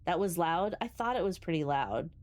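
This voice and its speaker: A New Jersey woman with a darkish, low-leaning voice plays a game on stream, expressive and at a normal speed. She swears, chats constantly with viewers, and keeps restarting her sentences in this casual live chat.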